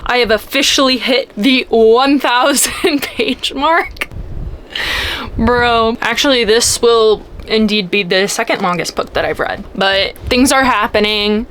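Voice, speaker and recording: A young woman chatting casually in a reading vlog, excitable and rambling, swinging between hushed whispers and high squeals. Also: slight background noise. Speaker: book vlogger.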